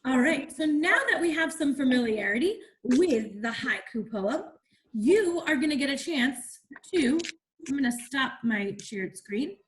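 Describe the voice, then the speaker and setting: A woman teaches a class over a video call, her high voice bouncing up and down with lively swings. She keeps asking the children questions and cheers them on. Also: a little slow. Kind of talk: online class lesson.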